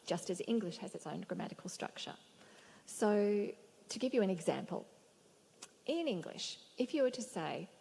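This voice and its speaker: A woman interpreting for the panelists, speaking in an expressive, lively way on a festival stage. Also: medium pitch, creaky. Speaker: sign language interpreter voicing panelists. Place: main stage at a museum, before an audience. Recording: long hall reverb with faint room noise.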